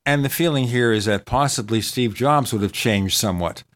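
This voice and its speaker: A man's voice: mid-range voice, normal speed. A man hosting a casual conversation, steering the topic along in a conversational way. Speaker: podcast host.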